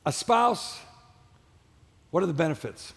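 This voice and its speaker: A male pastor delivers an emphatic sermon in a large church auditorium, his voice high and gravelly. He drives his points home through repetition and shouted peaks, and keeps calling on the congregation to answer him. The long reverb of the hall hangs behind every line. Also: sing-song, unhurried. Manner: preaching with call-and-response to the congregation.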